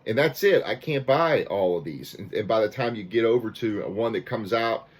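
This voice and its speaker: Man, lowish voice, casual rant, fired up, stumbling restarts, mild swearing. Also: animated, moderate pace, slightly rough. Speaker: vinyl record collector ranting.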